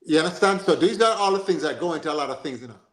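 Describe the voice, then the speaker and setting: A man's voice: fairly high pitch, rapid-fire. Jamaican man talking in an echoey room. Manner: animated, repeats himself, asks "you understand?". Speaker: podcast host. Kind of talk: casual chat.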